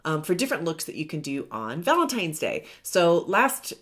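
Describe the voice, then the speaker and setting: Middle-aged woman w a low voice, rambly chatty beauty vlog talk, pokes fun at herself. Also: sing-song, normal speed, fairly bright tone. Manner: chatty, rambling, self-deprecating with laughs. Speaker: beauty vlogger. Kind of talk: makeup tutorial chat.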